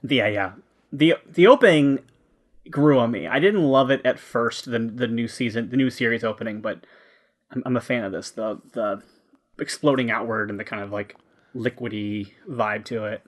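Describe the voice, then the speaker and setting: A man's voice: medium pitch, moderate pace. A man co-hosting a casual podcast commentary, chatty and full of "like", laughing often. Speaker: podcast co-host.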